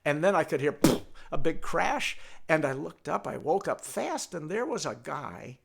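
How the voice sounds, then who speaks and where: Gravelly older man telling a folktale. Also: a little high, normal speed, noisy background. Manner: animated, playful, talks to his donkey puppet. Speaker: storyteller.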